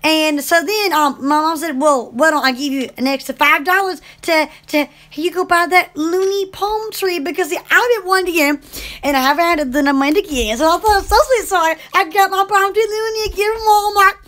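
A woman chats on a live stream in a very high, piercing voice. She rambles excitably and gushes as she talks. Her tone is bright and sharp. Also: fairly quick. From Alabama. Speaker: livestream host. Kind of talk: casual live chat.

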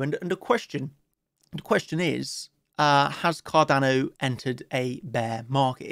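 A chatty man talking through trading charts in a relaxed, upbeat way, his fairly high voice edged with gravelly fry. He fills his talk with casual asides, and the recording is dry and close. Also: dry recording. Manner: chatty, upbeat, heavy use of "you know" fillers. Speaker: crypto trading analyst host.

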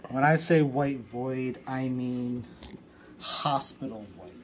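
Slow, rambling man guiding a visualization. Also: medium pitch, slight background noise, poor audio. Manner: loose and rambling, lots of "like" fillers. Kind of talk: guided visualization in casual chat.

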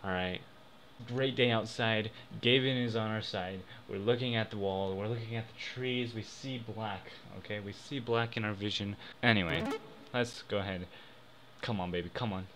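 An excitable young man talks casually at his desk microphone at home, his voice bright and forceful. He drops to mutters one moment and yells the next as he bets and cheers. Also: fairly low pitch, normal speed, a little hiss or hum. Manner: excitable, swings from mumbling to shouting. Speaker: gaming YouTuber. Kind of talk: casual gambling commentary. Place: home room.

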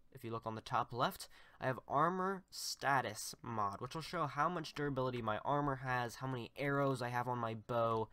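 Excitable male gameplay host, casual chatter that repeats itself and jumps to yelling, clean USB desk mic, middle-pitched. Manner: excitable, repeats short phrases, yells during fights. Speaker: gaming channel host. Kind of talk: casual game commentary. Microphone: USB desktop microphone.

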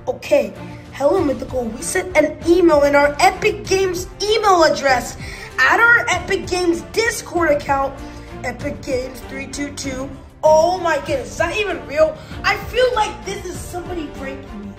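A woman gaming YouTuber in an excited unboxing vlog, exclaiming and talking straight to her viewers. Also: high-pitched, moderate pace, faint music behind.

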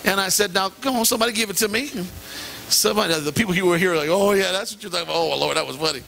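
A middle-aged male pastor preaching a sermon and telling animated, self-deprecating stories with sudden jumps in pitch. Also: racing, gravelly, a little hiss or hum. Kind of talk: sermon with personal anecdote. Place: church sanctuary.

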